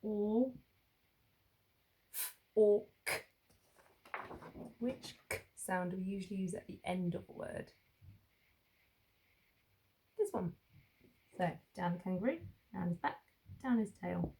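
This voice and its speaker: A woman teaching young children to spell, sounding out each letter slowly and carefully. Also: fairly low pitch, vocal fry, darkish tone. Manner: slow, drawn-out sounding out of letters. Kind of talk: phonics lesson for young children.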